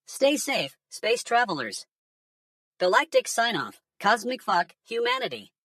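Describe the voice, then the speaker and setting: A woman's voice: fairly high pitch, sing-song, unhurried, sharp tone, no echo, clean studio sound, distant mic, full character voice. A woman voicing a laid-back male alien pundit who curses and mocks humans in synthetic news commentary. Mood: mocking. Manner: cursing, mocking, stoner-casual.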